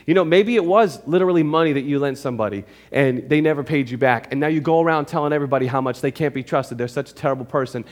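A man's voice: fairly high pitch, fast, few pauses. A male pastor preaching a sermon to his congregation in church, emphatic and conversational, often checking in with his listeners.

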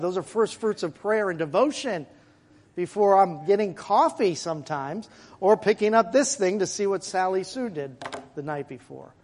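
A man preaching a sermon to his congregation in a church, in a conversational way with asides and quick jokes. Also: high voice, expressive, darkish tone. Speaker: pastor. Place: church sanctuary.

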